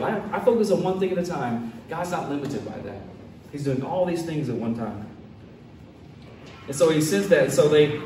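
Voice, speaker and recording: A man's voice: fairly high pitch, a little hiss or hum. A man preaching a casual sermon, retelling a story and acting out the quotes in voices. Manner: animated, acts out quotes in character voices. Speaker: pastor. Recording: echoey room, mic at a distance, faint ambience.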